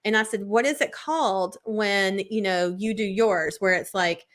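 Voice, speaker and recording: A young woman chats casually on a podcast, spinning a long anecdote. She talks in a loose, rambling way, leaning on "like" and laughing easily. Her voice sits at an everyday middle pitch. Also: moderate pace, a bit bright. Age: 20s. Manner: chatty storyteller, lots of "like" and laughs. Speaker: podcast co-host. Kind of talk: casual chat.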